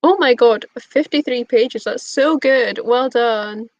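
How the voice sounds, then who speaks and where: A young woman, bubbly and prone to little laughs, chatting to her viewers in a fairly high voice. The sound is dry and close, with a dull, lo-fi stream quality. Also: takes it slowly, no echo. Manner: bubbly, giggly, reading out chat messages. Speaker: booktube streamer. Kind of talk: casual live-stream chat.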